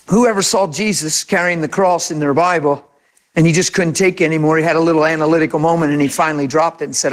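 A man's voice: fairly high pitch, fast talker. Impassioned man preaching a sermon. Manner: impassioned, conversational, acts out imagined quotes.

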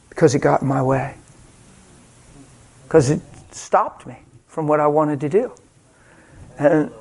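There's a gravelly edge to this high-pitched male preacher as he tells a personal anecdote from the pulpit. He's animated, makes fun of himself, and dramatizes every quotation.

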